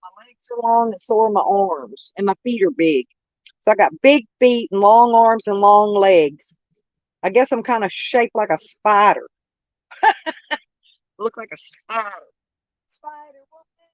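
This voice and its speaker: A woman's voice: mid-range voice, animated, unhurried, dry recording, dull audio. A woman, chatting casually with viewers on a live stream, laughing often and calling them by name. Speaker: host of a live chat stream. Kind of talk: casual chat. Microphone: phone.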